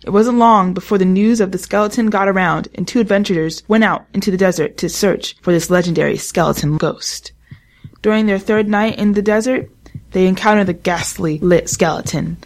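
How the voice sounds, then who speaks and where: A woman giving an even, measured scripted narration of a desert ghost legend. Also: medium pitch, low-quality recording.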